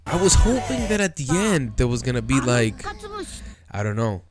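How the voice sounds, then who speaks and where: A man hosting a casual anime commentary video, talking excitedly and loosely, calling viewers dude and bro. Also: mid-range voice, normal speed, music in the background. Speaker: video host.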